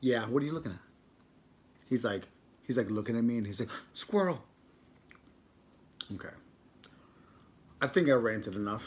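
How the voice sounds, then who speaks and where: A man's voice: mid-range voice, a little fast, long pauses, a little hiss or hum. A man hosting a casual live stream, rambling and joking while he talks to his dog and to the chat. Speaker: livestream host.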